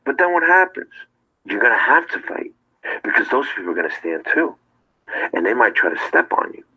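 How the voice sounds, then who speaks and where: Man, lively pitch, preachy, declaiming, video clip. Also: a little fast, rough recording. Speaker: video personality being watched. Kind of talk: played clip of monologue.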